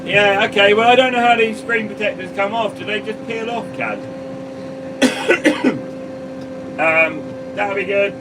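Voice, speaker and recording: Farmer guy nattering away on a live stream from his sprayer, highish voice, mic a bit far off. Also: measured pace, pauses often. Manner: chatty, greets viewers by name. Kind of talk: casual live stream chat. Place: sprayer cab on a farm field. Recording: mic at a distance, vehicle noise.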